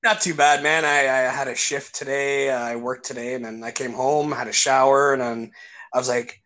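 A man's voice: mid-range voice, fairly even intonation, moderate pace, pushed and bright. A man hosting a podcast, chatting casually and loosely, calling his guest brother and man. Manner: laid-back, swears and says man and brother. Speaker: podcast host.

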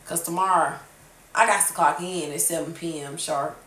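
Woman in her 20s, podcast host, animated storyteller, swears freely, roomy room, distant mic. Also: low voice, moderate pace. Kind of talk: casual chat. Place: room at a kitchen table. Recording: roomy sound, from far off the mic, faint noise.

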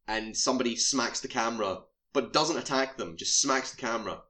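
A man casually retelling a horror film's plot in a relaxed chat. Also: medium pitch, a little fast. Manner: animated storytelling, swears casually. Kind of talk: casual film recap chat.

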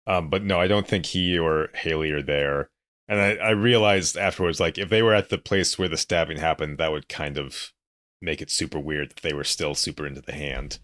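A man's voice: a bass voice, fairly even intonation, normal speed, a bit bright, no room sound, studio quality. A man co-hosting a casual film podcast, talking in a rambling way with lots of fillers. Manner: rambling, many likes and restarts. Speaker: podcast co-host. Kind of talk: casual movie discussion chat.

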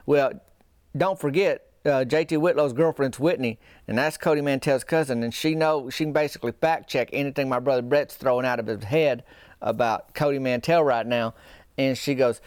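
A man rambles through a comic tale in loose folksy dialect. His voice is smooth and resonant, recorded dry and close with no room sound. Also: medium pitch, fairly quick, no echo. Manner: rambling folksy yarn-spinning with dialect grammar. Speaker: storyteller. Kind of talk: comic storytelling monologue.

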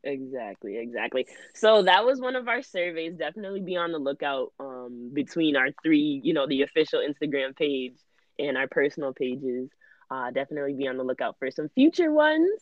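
A woman co-hosts a podcast in a relaxed, hedging way. Her low voice moves up and down a lot. The recording is dry and a little dull. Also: brisk, no echo. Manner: relaxed, hedging, many fillers. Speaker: podcast co-host. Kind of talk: casual chat.

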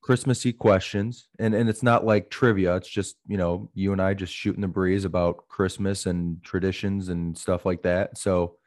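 A man's voice: low voice, fairly even intonation, normal speed, few pauses, darkish tone. A man co-hosting a podcast in casual chat, rambling with many fillers and acting out the voices he quotes. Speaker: podcast co-host.

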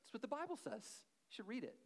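A man preaches in a chatty storytelling way, stopping to check in with his listeners. He repeats key phrases for emphasis, and his voice sits high for a man. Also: big pitch swings, fast talker, gravelly, slight background noise. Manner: conversational storytelling with checks to the audience. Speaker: pastor. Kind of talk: sermon.

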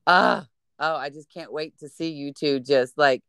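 A woman's voice: low-pitched, fairly even intonation, unhurried, fairly bright tone, clear, resonant tone, dry recording, studio quality. A woman chatting casually, effusive and encouraging toward her friend. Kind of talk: casual chat.

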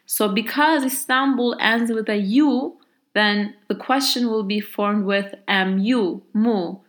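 A woman's voice: mid-range voice, slow pace, a bit bright. A woman whose first language is Turkish, teaching a grammar lesson in English and patiently spelling out each example step by step.

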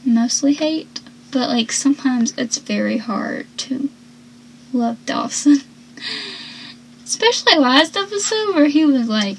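A woman's voice: high voice, animated, slow, pauses often, a little hiss or hum, low-quality recording. A woman chatting casually as she recaps a TV show, rambling and acting out the characters' lines. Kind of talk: casual chat.

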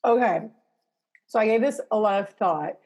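A woman's voice: mid-range voice, normal speed, darkish tone, husky. A woman with a Canadian accent, an interior designer talking casually and at length in an interview, with many fillers. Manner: chatty, rambling, lots of fillers.

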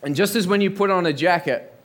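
A man's voice: high-pitched, fast talker. A man preaching a sermon in a church, earnest, building up lists and rhetorical questions. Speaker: pastor.

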